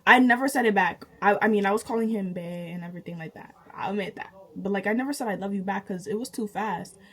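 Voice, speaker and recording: A young woman tells a personal story straight to her viewers. She is animated and chatty, laughing often and jumping high in pitch with disbelief. Her voice sits at an ordinary middle pitch. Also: quick pace, husky, low-quality recording. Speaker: vlogger. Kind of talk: casual storytime.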